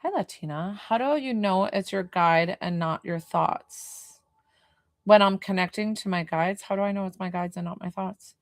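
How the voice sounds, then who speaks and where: A woman who works as a medium, chatting casually on a livestream and answering her viewers' questions in a lively way. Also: medium pitch, moderate pace, no echo, clean studio sound. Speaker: medium doing live readings.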